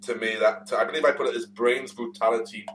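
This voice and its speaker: A man's voice: mid-range voice, fairly even intonation, fast, a bit bright. Rambling man in an echoey room. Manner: rambling, laughs often, swears casually. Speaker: podcast co-host. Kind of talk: casual chat. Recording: echoey room, mic at a distance, faint hum.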